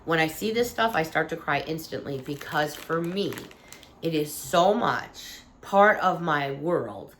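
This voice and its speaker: A woman's voice: low voice, animated, unhurried, a bit bright, slight background noise. A woman vlogger from the United States chatting casually and gushing over a haul of British sweets. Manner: gushing, chatty, emotional about British treats. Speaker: vlogger showing a shopping haul. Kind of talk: casual chat.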